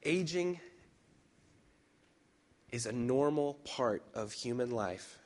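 A man's voice: medium pitch, lively intonation, darkish tone. Conversational male pastor preaching. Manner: conversational and personal, with reflective pauses; emphatic repetition. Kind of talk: sermon.

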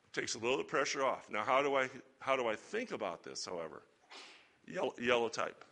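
A man teaching a Bible lesson to a church group in a relaxed, conversational sermon style with chatty asides. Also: medium pitch, a little fast, vocal fry. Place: church or lecture hall with slides.

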